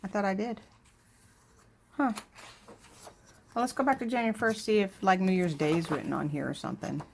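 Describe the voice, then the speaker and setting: A woman's voice: mid-range voice, brisk, vocal fry, slight background noise. A woman vlogger chatting casually while flipping through a new planner, thinking aloud with lots of fillers and asides. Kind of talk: casual unboxing chat.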